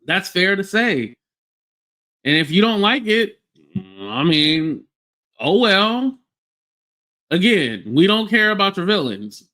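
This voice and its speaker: Blunt, profane young man hosting a live podcast rant, slightly high voice. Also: big pitch swings, slow, long pauses, sharp tone. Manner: blunt, profane, greets chat viewers by name. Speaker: podcast host.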